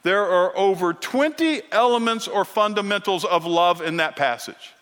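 A man preaching a sermon as pastor, emphatic and earnest, at times growing quiet and emotional. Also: sits high, moderate pace, clean tone. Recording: long hall reverb.

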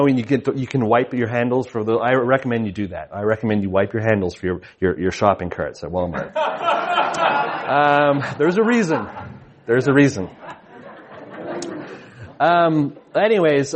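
A man in his thirties giving a sermon at a conference, telling family anecdotes casually with many restarts and self-deprecating humor. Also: mid-range voice. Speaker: conference speaker.

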